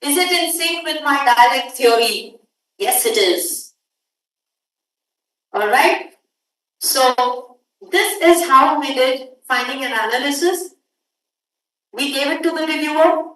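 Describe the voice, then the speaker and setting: A high-pitched woman leads a workshop in a brisk, directive way and keeps pressing her students to move quickly. Her voice is picked up from a distance and rings through a very echoey room. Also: a bit bright. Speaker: workshop instructor. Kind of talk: classroom lecture. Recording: echoey room audio from far off.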